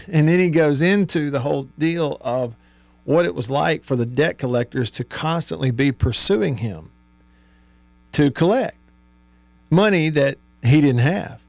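A man's voice: fairly high pitch, lively intonation, unhurried, creaky, darkish tone, dry recording. A man hosting a sports talk radio show, reading listener texts aloud and chuckling often. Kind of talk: casual call-in radio chat. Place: radio studio. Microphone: studio microphone.

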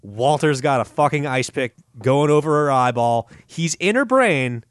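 A man's voice: medium pitch, moderate pace, no room sound, clean studio sound. A man casually recounting a story to friends on a podcast, swearing freely and acting out what people said. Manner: animated, swears freely, acts out quotes. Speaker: podcast host. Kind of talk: casual profane storytelling chat.

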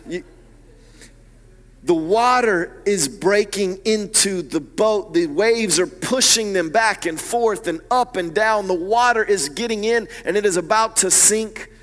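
A man preaching a sermon as pastor, animated and swinging from hushed, low asides to loud, emphatic peaks. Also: in a large hall.

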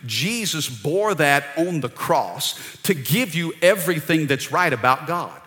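A middle-aged man preaching a sermon in a church, energetic and calling out to the congregation. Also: on the high side, unhurried. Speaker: pastor. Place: church sanctuary. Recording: long reverb of a large hall.

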